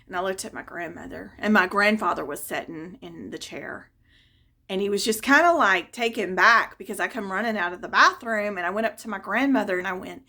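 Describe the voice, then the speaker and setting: A woman's voice: medium pitch, brisk. Woman telling a personal story. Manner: conversational and expressive, wistful when reflecting.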